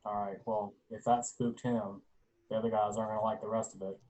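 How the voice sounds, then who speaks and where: A man playing in a tabletop role-playing game, talking through his moves deliberately. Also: on the low side, level tone, mellow, rough recording. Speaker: player. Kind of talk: casual tabletop play.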